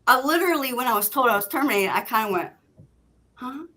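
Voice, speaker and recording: Animated woman telling a story. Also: a little high, racing. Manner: animated, acts out quoted lines. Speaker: guest. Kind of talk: casual storytelling.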